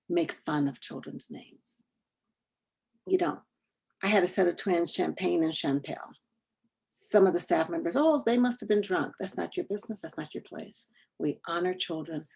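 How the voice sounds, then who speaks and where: A woman giving an online training presentation in an earnest, deliberate way, speaking over a video call and trailing into a soft near-whisper at the end of her points. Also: fairly low pitch, creaky, husky. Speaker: workshop trainer.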